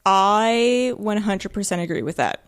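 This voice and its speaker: A woman's voice: mid-range voice, animated, a little slow, clean tone. A woman co-hosting a casual game podcast, enthusiastic and acting out characters' lines as she retells scenes. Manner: enthusiastic, acts out quotes. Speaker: podcast co-host. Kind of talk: casual chat about a video game.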